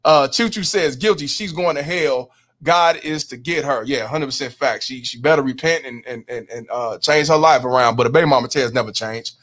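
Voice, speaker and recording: A man's voice: medium pitch, moderate pace, fairly bright tone. A man hosting a casual livestream, reading viewer comments aloud and emphatically agreeing with them. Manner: emphatic, repeats "hundred percent", reads chat names. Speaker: livestream host.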